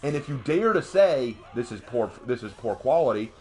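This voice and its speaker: A young adult man ranting on a live stream in a casual, emphatic way, jumping up in pitch during heated outbursts. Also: normal speed, faint music behind. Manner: animated, emphatic, voice jumps high in outbursts. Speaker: streamer and commentator.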